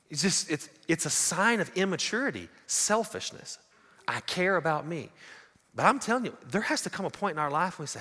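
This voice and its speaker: A man preaching a sermon, telling stories and swinging from loud to hushed. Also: on the high side, sing-song, fast talker. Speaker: pastor. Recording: long hall reverb.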